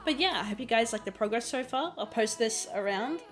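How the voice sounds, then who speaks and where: A woman's voice: fairly high pitch, lively intonation, brisk, soft background music. A woman from Australia. She streams and chats casually while explaining her digital painting, giggling and repeating phrases, a bit under the weather and coughing. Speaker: streamer and artist.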